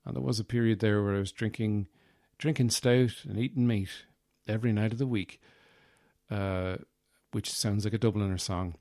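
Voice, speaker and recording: Low-voiced podcast host rambling. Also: male voice, steady tone, normal speed, darkish tone, no echo, clean studio sound. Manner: meandering, self-mocking, full of fillers. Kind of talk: rambling comic monologue.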